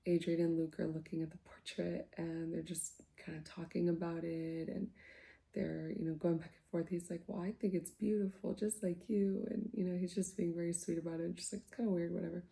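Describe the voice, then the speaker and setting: A woman softly retelling a novel's plot for sleep, in a casual, chatty way full of fillers, sometimes dropping to a whisper. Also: fairly low pitch, little pitch movement, a little fast, gravelly. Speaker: book reviewer. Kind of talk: soft-spoken ASMR book recap.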